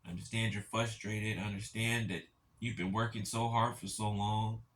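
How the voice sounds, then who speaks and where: A soft-spoken man with a somewhat low voice talks straight to his listeners in a heartfelt spiritual encouragement talk. He speaks in halting, gentle phrases and keeps checking in with a quiet "right?" as he reassures them. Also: flat delivery. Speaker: spiritual speaker addressing viewers.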